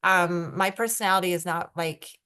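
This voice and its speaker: A woman's voice: on the low side, normal speed, bright, forceful tone, clear, resonant tone. A Canadian woman chatting casually on a team video call, rambling with lots of fillers. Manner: rambling, filler-heavy, self-described introverted. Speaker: guest brand ambassador.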